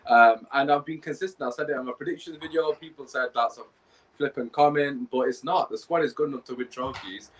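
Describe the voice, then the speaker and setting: A man's voice: mid-range voice, fairly quick, a little hiss or hum, rough recording. A man hosting a football podcast, talking in a blunt, emphatic and exasperated way. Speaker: podcast host. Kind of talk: casual chat, football debate.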